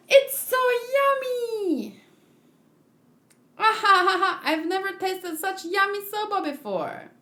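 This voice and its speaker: Bubbly little girl, high and bouncy, giggles a lot, put on by a woman reader. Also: big pitch swings, takes it slowly, fairly bright tone, echoey room, full character voice. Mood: chirpy. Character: cheerful little girl, giggly shrine-maiden-in-training. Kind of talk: read-along voice acting.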